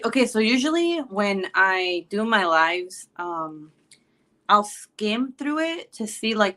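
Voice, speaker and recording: A woman's voice: medium pitch, pushed and bright. Chatty, giggly woman streamer. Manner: chatty and giggly, with many fillers. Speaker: live streamer chatting with viewers. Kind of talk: casual live-stream chat.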